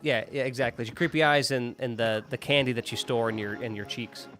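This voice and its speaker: A man hosting a casual live stream, joking and chatting in an animated way while watching old commercials. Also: mid-range voice, a little fast, soft background music. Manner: animated, jokey, apologetic asides. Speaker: stream host.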